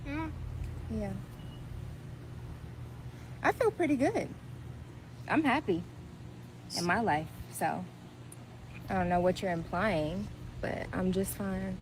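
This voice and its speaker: A woman's voice: medium pitch, lively intonation, takes it slowly, long pauses, a little hiss or hum, low-quality recording. An actress playing a confident woman in a comedy skit, dismissive and self-assured toward her ex. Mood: calm.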